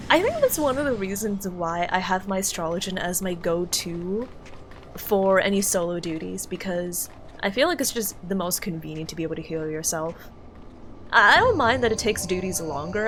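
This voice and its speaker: A woman's voice: fairly low pitch, normal speed, slight background noise. A woman streaming a game, chatting playfully and casually. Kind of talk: casual gameplay chat. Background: loud game music.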